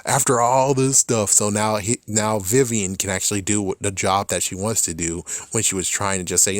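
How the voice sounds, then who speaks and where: Lowish-voiced man ranting casually. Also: brisk, hardly any pauses, no echo, studio quality. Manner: animated, profane, laughing asides. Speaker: show recap vlogger. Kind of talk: casual reaction rant.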